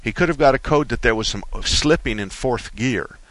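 A man hosting a call-in car repair radio show, explaining things slowly and folksily with frequent restarts. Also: medium pitch, a bit bright, no room sound.

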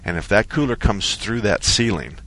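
A man hosting a call-in radio show about cars, telling a long story in a relaxed, rambling way. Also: lowish voice, moderate pace. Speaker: radio car-advice show host. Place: radio studio.

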